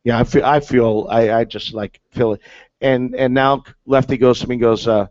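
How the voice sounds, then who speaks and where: A former big-league catcher appears as a guest, rambling through a story with a steady, darkish mid-range voice at a moderate pace. He restarts often and leans on fillers, all captured in a dry, dull, lo-fi recording.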